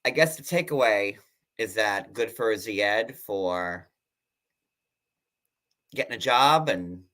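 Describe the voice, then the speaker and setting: A man hosting a casual livestream, chatty and sarcastic, filling his talk with "like" and quick asides. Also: on the low side, lively intonation, pushed and bright. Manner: chatty, sarcastic, full of "like" fillers. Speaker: host.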